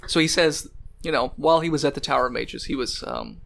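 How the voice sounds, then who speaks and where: A man's voice: mid-range voice, wildly swooping pitch, brisk, gravelly, fairly bright tone. A man running a tabletop game as game master, narrating casually and answering the players' questions.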